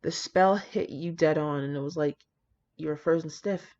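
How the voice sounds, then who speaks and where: A woman reading the lines of a tense, worried young prince in a flat, clipped way, on dull lo-fi audio. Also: sits low, moderate pace, natural voice. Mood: flat, strained.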